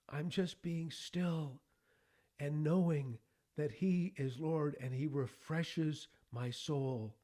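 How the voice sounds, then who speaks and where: A middle-aged man hosting a devotional podcast, speaking earnestly and with deep feeling, at times choking up with emotion. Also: a little mellow. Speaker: podcast host.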